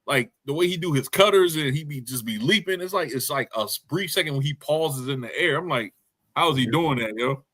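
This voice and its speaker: A man's voice: fairly high pitch, expressive, brisk, hardly any pauses, a bit bright. A man co-hosting a casual wrestling review podcast, rambling and slangy with lots of fillers. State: hiccups. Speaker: podcast co-host.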